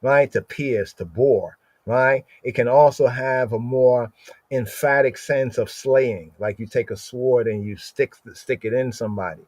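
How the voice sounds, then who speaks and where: A man teaching from scripture on a livestream, reading Hebrew verses slowly and explaining each word, asking "right?" after nearly every phrase. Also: mid-range voice, darkish tone, no room sound. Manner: explains Hebrew words aloud, repeats "right?" constantly; slows down to read Hebrew verses. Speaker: Bible teacher.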